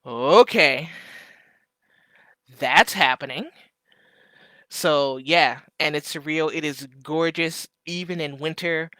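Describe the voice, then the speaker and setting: A man's voice: a little high, takes it slowly, long pauses, bright, forceful tone, no echo, studio quality. A man hosting a casual live stream, reading viewers' messages aloud and answering with joking asides.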